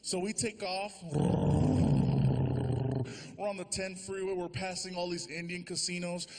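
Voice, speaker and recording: A man with a high voice works a big theater stage, telling a rambling story and slipping into the voices of his friends. His handheld mic catches him clearly, with loud crowd noise all around. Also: a little slow. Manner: animated storyteller acting out voices. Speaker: stand-up comedian. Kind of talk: stand-up comedy storytelling. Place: large theater before a live audience.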